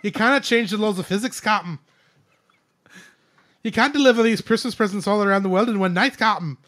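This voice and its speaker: A man's voice: high voice, fairly quick, a bit bright, voice pushed up. A man doing a Scottish accent as a fretful male starship engineer who keeps pleading with his captain. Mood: urgent protest.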